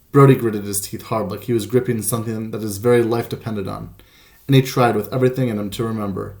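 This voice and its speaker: A man reading a children's storybook aloud as the narrator, in a measured, gentle way. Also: on the low side, fairly even intonation, creaky. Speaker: audiobook narrator. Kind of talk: scripted narration.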